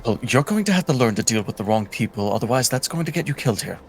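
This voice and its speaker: A man playing a blunt, worldly male rogue who speaks briskly. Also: medium pitch, sing-song, faint music behind.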